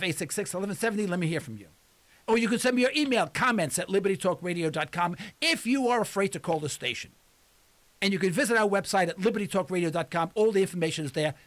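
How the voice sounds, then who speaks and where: A man's voice: sits high, a bit bright. A man hosting a political call-in radio show, talking in an impassioned, agitated, preachy way. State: agitated, shouting. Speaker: radio talk show host.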